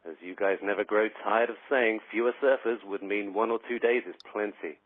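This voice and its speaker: Brit caller with a low voice and a dry, wry delivery, heard over a thin, tinny phone line. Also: male voice, fairly even intonation, fairly quick, no room sound. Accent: British. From Britain. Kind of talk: voicemail read out on a podcast.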